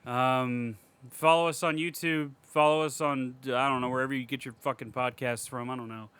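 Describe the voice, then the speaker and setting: A man's voice: medium pitch, fairly even intonation, normal speed, fairly bright tone, clear, resonant tone, no echo. A man co-hosting a casual podcast, rambling with restarts and casual swearing. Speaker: podcast co-host. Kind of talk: casual chat.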